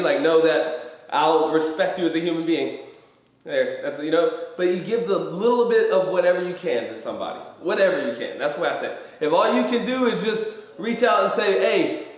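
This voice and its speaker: Young male host, casual motivational rambler, profane, hall reverb. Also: on the high side. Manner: emphatic, rambling, swears freely. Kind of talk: motivational live-stream talk. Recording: very echoey hall.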